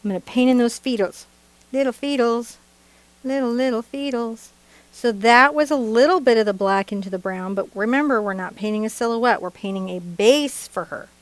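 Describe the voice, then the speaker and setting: In a dry recording, a middle-aged woman with a medium-pitched voice talks fairly quickly, hardly pausing, as she teaches a live-streamed painting lesson. As the art instructor she stays chatty and playful, joking and laughing between steps.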